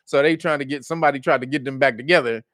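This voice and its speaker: A man, commenting in casual talk, animated, acting out the quotes and laughing often. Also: racing, dry recording, studio quality. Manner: animated storytelling, acts out quotes in high mocking voices, laughs often. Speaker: commentary host.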